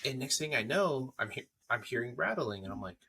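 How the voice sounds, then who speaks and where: A man's voice: medium pitch, sing-song, brisk, vocal fry, sharp tone, husky. A young man co-hosting a podcast, chatting casually and retelling little home moments vividly. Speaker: podcast co-host. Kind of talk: casual chat.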